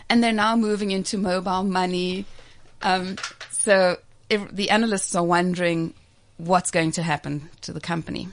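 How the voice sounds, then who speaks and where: A woman co-hosting a casual radio talk on markets, chatty and laughing often as she explains. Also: medium pitch. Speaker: market commentator co-host.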